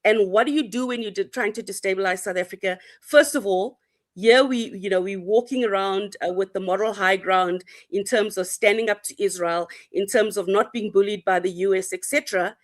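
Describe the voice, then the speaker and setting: Hesitant woman panelist, mid pitch. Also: brisk. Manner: thoughtful, hesitant, many fillers and restarts. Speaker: panel speaker. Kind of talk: online panel discussion.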